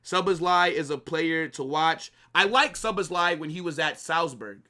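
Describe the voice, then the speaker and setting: A cocky man hosts a live football watch-along and spars with his viewers through the whole stream, swearing often and calling everyone bro. His voice sits a little high and comes across bright and forceful on a streaming mic. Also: normal speed. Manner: brash, trash-talking, swears a lot, calls chat "bro" and "brother". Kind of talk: live match watch-along, arguing with chat.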